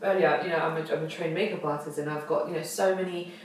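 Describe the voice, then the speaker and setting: A woman's voice: sits low, fairly even intonation, fast talker, a little hiss or hum. Rambling woman host, echoey and far. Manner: rambling, loses her words, laughs it off. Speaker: podcast co-host. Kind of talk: casual chat. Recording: roomy echo, distant mic.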